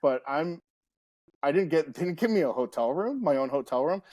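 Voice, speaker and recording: A man's voice: on the high side, animated, moderate pace, darkish tone, no room sound. A man in his forties, guest-hosting a casual podcast, telling stories with laughs and frequent restarts. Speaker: guest host.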